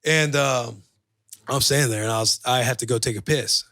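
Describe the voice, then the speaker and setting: A young man, a football player, telling an animated, profane story in casual podcast chat and acting out the voices in it. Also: medium pitch, moderate pace, gravelly, no echo, clean studio sound.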